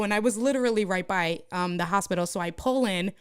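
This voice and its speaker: A young woman telling a story to her live stream viewers, casually and animatedly, jumping up in pitch when she acts out the people in it. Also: a little fast, few pauses, clear, resonant tone, dry recording, studio quality. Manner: animated, acts out quoted voices with jumps in pitch.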